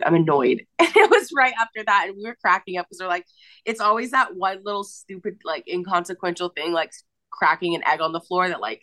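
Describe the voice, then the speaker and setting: Her voice is lowish and a bit bright as she co-hosts a podcast in an apartment. The young woman keeps the chat casual and frank, cursing freely and breaking into laughter a lot.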